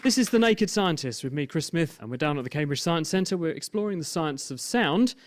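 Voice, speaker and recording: Brisk male science show host. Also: fairly high pitch, expressive. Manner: brisk, guiding questions. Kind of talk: live science show hosting. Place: science centre event room.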